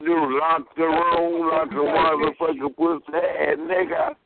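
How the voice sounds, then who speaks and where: A man mocks and jeers over a phone chat line, his voice gravelly and a little high for a man. The line is tinny, with a crowd of voices behind him. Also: a little slow, heavy background noise. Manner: jeering, mocking.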